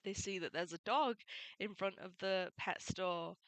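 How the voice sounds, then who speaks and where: A woman's voice: medium pitch, a little slow, fairly bright tone, no room sound. A woman casually summarizing a comic volume in a chatty way, laughing often and quoting characters as she goes. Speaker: manga reviewer.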